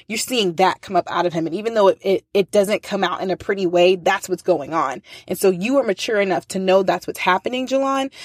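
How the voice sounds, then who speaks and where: A woman with a middle-pitched voice tells a story from her classroom in an easy, chatty way. She slips into the voices of the people she quotes and laughs along the way. The sound is close and dry. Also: dry recording. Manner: animated, acts out quoted voices, laughs often. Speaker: teacher and faith speaker. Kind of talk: casual storytelling talk.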